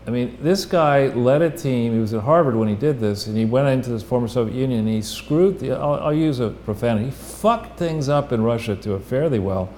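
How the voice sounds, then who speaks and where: Blunt rambling man, dark voice. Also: mid-range voice, fairly quick, hardly any pauses, slight background noise. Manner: blunt, rambling, with profanity and restarts. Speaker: guest analyst. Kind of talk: casual political talk.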